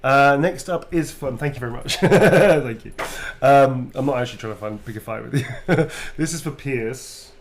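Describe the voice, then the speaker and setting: Playful, gravelly-voiced man chatting live. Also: mid-range voice, moderate pace, hardly any pauses, slight background noise. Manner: playful, chatty, laughs easily. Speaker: actor signing autographs on a livestream. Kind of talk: casual live chat.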